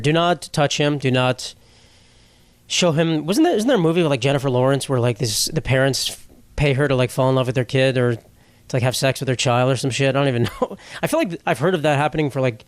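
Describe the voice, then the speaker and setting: A man's voice: mid-range voice, clean tone, no echo. A young man hosting a casual solo podcast, rambling with crude jokes and silly voices for quoted people. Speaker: podcast host.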